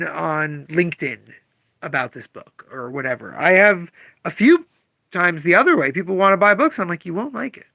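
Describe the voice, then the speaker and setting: A man's voice: fairly high pitch, creaky, no echo. A man who owns a comic shop, talking casually on a livestream and acting out customers' voices. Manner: animated, acts out customer voices.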